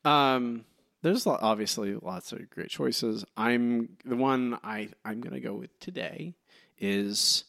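Male podcast co-host, gravelly voice, hesitant, casual quizmaster. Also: mid-range voice, takes it slowly, fairly bright tone. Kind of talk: casual podcast chat, running a trivia segment.

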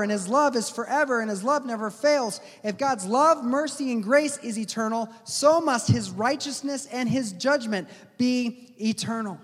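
Male preacher, high voice, earnest sermon delivery, echoing hall. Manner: earnest, slows down to stress key words. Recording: long hall reverb.

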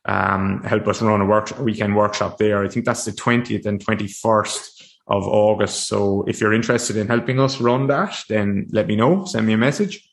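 A man's voice: fairly low pitch, normal speed, vocal fry. A man hosting a solo podcast, talking casually to a screen with frequent restarts and fillers. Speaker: podcast host. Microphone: desk mic facing a screen.

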